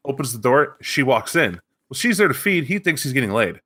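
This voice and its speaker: A man's voice: mid-range voice, sing-song, fairly quick, fairly bright tone, husky. A man co-hosting a podcast, telling a tabletop game story in a casual chat and acting out the characters. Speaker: podcast co-host.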